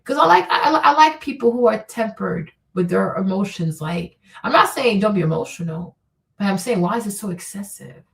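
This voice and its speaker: A woman hosts a casual vlog, delivering blunt, profane opinions with emphasis and repeating "okay?" and "right?". She has a medium-pitched voice with lively intonation, vocal fry, and a moderate pace, recorded far from the mic.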